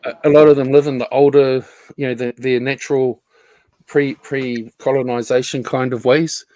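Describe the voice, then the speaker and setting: A man's voice: mid-range voice, little pitch movement, normal speed, dark tone. A man in casual chat on a stream, rambling and filler-heavy, swearing offhandedly as he talks.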